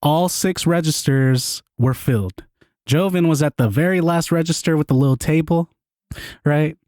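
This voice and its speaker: A man hosting a podcast, telling stories in casual chat, animated, often laughing and swearing. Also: a little high, normal speed, no echo, studio quality. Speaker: podcast host.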